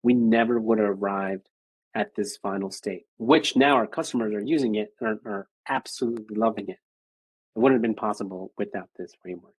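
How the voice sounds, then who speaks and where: A man's voice: on the low side, fairly quick, husky, no echo, poor audio. A man speaking as a guest design lead on a video call, talking energetically with lots of fillers. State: out of breath. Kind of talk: virtual presentation and Q&A.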